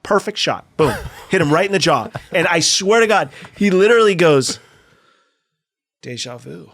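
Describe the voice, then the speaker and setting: A man's voice: high-pitched, lively intonation, moderate pace, a bit bright. A middle-aged man from California, a skate video filmer, telling a story casually in a podcast interview, profane and acting out the voices of the people he quotes.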